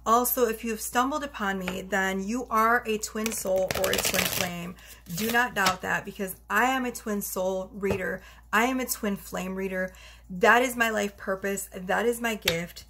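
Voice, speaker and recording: A woman tarot reader talking casually to the camera from her bedroom, chatty and quick to laugh as she pulls cards. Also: medium pitch, background noise. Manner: chatty, laughs often, talks straight to viewers. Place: bedroom at home.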